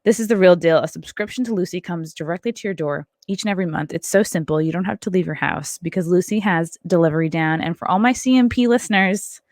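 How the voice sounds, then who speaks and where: A woman's voice: lowish voice, quick pace, few pauses, a little mellow, no echo, studio quality. A woman hosting her podcast and doing stand-up, chatting casually and reading sponsor ads, a little out of breath and laughing at her own slips. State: a bit out of breath. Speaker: podcast host and stand-up comedian.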